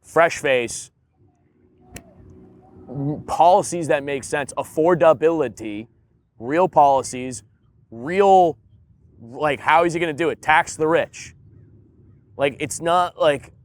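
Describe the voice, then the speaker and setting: A man in casual podcast chat, ranting in an animated way and leaning on filler words. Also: on the high side, slow pace, long pauses. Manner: animated, ranting, heavy use of "like" and "dude". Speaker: podcast co-host.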